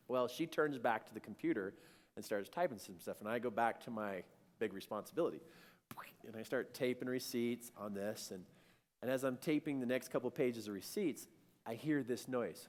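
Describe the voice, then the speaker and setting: A middle-aged man telling a personal story in a playful, animated way, often laughing mid-sentence. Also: mid-range voice, normal speed. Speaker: speaker. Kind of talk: storytelling talk. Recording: echoey hall.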